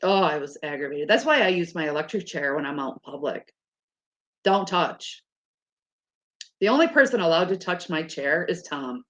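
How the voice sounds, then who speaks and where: A woman with a somewhat low voice talks straight to her listeners. She is blunt and animated, swears without fuss, and laughs through her own stories. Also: normal speed. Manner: frank and animated, swears freely, laughs often. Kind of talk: casual chat.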